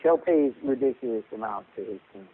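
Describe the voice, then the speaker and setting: A man's voice: mid-range voice, lively intonation, fairly quick, breathy edge. Man telling a story over a tinny phone line. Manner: rambling, repeats words, acts out quotes. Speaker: boxing coach guest. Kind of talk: storytelling on a podcast call. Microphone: phone call.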